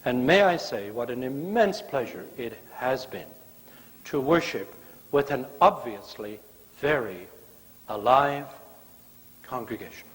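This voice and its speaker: Lively preacher man in a reverberant church. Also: mid-range voice, measured pace, pauses often. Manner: storytelling with playful, acted-out quotes. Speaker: guest preacher. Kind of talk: sermon. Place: church sanctuary.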